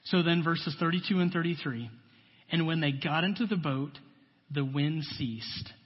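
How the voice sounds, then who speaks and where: A man delivers a sermon in a relaxed, folksy way, leaning on asides and everyday talk. His voice sits a little high and husky. The recording is dull and carries a long church reverb. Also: normal speed. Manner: conversational, folksy, many asides. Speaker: preacher.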